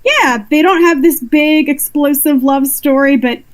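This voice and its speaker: A woman voice actor, a guest on a stream, chatting casually and giving her opinions with enthusiasm. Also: high-pitched. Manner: enthusiastic, opinionated, quick agreement. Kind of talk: casual interview chat.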